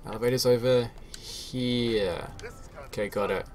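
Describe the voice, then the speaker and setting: A man's voice: medium pitch, fairly even intonation, unhurried, darkish tone. Self-mocking man playing a game. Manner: self-mocking, chatty, swears when frustrated. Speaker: game player. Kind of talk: solo gameplay commentary.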